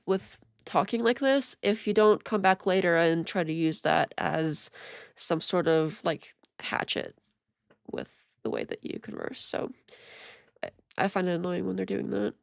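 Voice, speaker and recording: Gravelly-voiced woman streamer. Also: medium pitch, very animated, moderate pace, dry recording, clean studio sound. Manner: rambling, exasperated, with self-interrupting restarts. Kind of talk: casual live-stream commentary.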